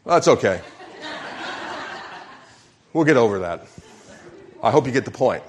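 A man's voice: mid-range voice, big pitch swings, measured pace, pauses often. Emphatic male pastor preaching. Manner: call-and-response with congregation, emphatic. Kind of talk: sermon.

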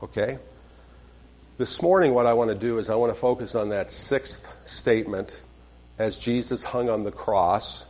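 A man preaching a sermon in a conversational way, dropping to quiet tones on scripture and often checking in with "okay?". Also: mid-range voice. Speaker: pastor.

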